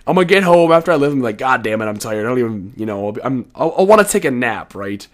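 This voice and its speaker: A man's voice: mid-range voice, big pitch swings, very fast. A teenage boy talking casually to his viewers late at night, rambling and frank, swearing now and then, a bit tired. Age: teens. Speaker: video creator. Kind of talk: casual solo commentary.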